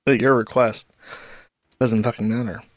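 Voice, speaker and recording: A young man doing live stream commentary, talking in a profane, rambling way with quick asides. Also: medium pitch, fairly even intonation, no echo.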